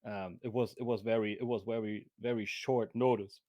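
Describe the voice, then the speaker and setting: A man with a German accent, a podcast guest talking in a halting, casual way with many restarts. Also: lowish voice, fairly even intonation, dark tone, no echo. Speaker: podcast guest, convention vendor. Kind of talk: casual chat.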